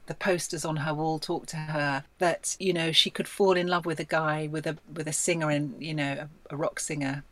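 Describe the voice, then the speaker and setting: A woman film director answering interview questions in an effusive, animated way with frequent laughter. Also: sits low, brisk, hardly any pauses, dry recording.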